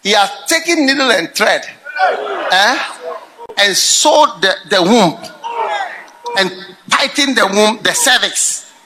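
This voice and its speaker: A man preaching a sermon, telling stories and swinging between quiet musing and loud exclaiming. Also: high voice, expressive, takes it slowly, long pauses, background noise. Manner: storytelling with acted quotes.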